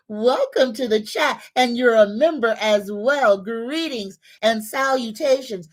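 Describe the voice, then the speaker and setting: A woman hosting a psychic livestream, greeting viewers, reading comments and leading affirmations. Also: fairly high pitch. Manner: greets viewers warmly, leads slow repeated affirmations.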